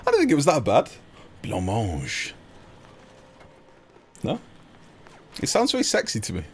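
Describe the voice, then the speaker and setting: A man's voice: on the high side, wildly swooping pitch, fast talker, a little hiss or hum. A man live-streaming a game, joking and teasing his chat in playful banter.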